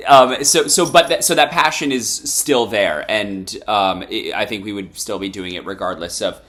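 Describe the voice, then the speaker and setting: A man's voice: on the low side, moderate pace, fairly bright tone. A young man in a band, casually reading out fan questions and answering them in a playful, chatty way. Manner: playful, reads fan names and questions aloud. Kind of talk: casual interview chat.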